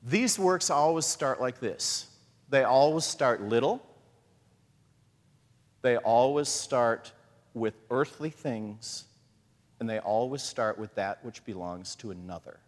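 Animated husky preacher in a reverberant hall. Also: male voice, mid-range voice, slow, pauses often. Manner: conversational, animated, acts out voices of God and Jesus. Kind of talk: sermon.

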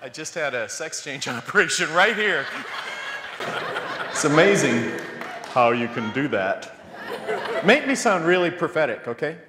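A man with a somewhat high, very lively voice preaches in a church, wandering through a story and poking fun at himself. He acts out the lines of the people in his tale. A long reverb hangs on his words from the hall. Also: measured pace, pauses often, a crowd in the background, background noise. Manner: rambling, self-mocking, acts out quotes. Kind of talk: storytelling sermon.

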